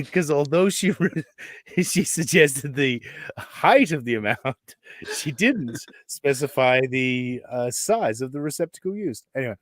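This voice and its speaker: A man's voice: medium pitch, lively intonation, measured pace, dry recording. Rambling man, podcast host. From Australia. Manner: rambling, laughs often. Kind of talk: casual chat. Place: live podcast studio.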